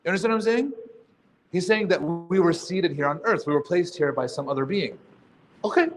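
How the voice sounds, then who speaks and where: A man's voice: a little high, lively intonation, fairly quick. A man leading a workshop as its teacher, speaking in a conversational way, quizzing the audience and throwing in jokes. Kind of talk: interactive workshop lecture. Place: workshop room with a live audience.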